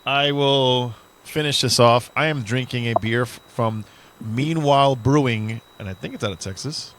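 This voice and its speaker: A man of middle pitch co-hosts a podcast from a dim room. He rambles and jokes in a loose, casual way and swears freely, with faint background noise behind him. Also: moderate pace. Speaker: podcast co-host. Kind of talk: casual chat.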